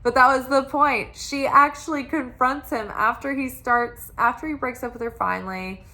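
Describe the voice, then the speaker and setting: A woman's voice: high-pitched, normal speed, sharp tone. A woman giving a casual tarot reading, chatty and full of "like" fillers. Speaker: tarot reader.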